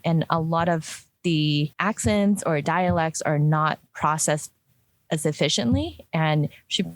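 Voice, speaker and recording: Low-voiced woman chatting casually. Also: dry recording. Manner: chatty, many fillers and restarts. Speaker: product designer. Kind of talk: casual conversational discussion.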